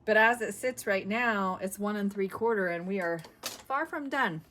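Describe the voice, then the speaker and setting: A woman's voice: medium pitch, normal speed, a bit bright, a little hiss or hum. A middle-aged woman hosting a craft video, chatting casually and thinking aloud as she works. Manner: chatty, giggly, thinks aloud while working. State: a bit winded.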